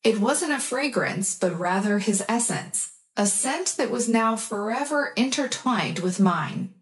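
A woman reading a romance story aloud in a soft, even storytelling manner, as scripted narration for English learners. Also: fairly high pitch, unhurried.

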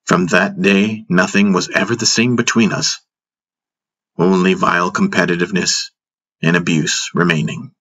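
A man narrating a fantasy audiobook in the first person, in a measured storytelling manner. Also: sits low, fairly even intonation, fairly bright tone, lo-fi sound.

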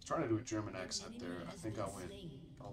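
A man's voice: on the low side, expressive, fast talker, a loud crowd. A man from Colorado giving casual, laid-back commentary over his own gameplay, calling people "dude" and "bro" as a channel host. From Colorado, United States.

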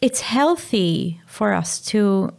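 A woman's voice: medium pitch, lively intonation, slow pace, creaky. A woman from Malta, a mother and podcast guest, talking openly in a casual interview and telling her story. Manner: open, storytelling, drops to a hush for quoted words.

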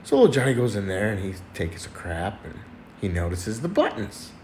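A man casually telling a string of jokes in a relaxed storytelling way. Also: on the low side, moderate pace, slight background noise. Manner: relaxed storytelling, lively delivery. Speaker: joke-telling video creator.

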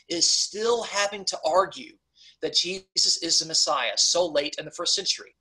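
Male Bible teacher, husky voice, casual lecturing style, stresses key points. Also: a little high, pushed and bright, poor audio. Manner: conversational, repeatedly checks in with "okay?"; emphatic on key points, frequent restarts. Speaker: pastor teaching a Bible study.

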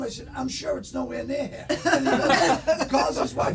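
A man's voice: very high-pitched, fairly even intonation, moderate pace, vocal fry, fairly bright tone, faint music behind. An older man with a Boston accent, a guest comedian telling a rambling, profane story in casual chat.

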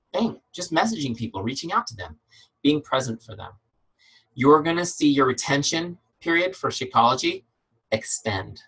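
A man's voice: mid-range voice, fairly bright tone, slightly rough, low-quality recording. Fired-up man coaching a webinar. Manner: fired-up, emphatic, repeats key lines. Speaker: business coach. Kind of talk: enthusiastic training webinar.

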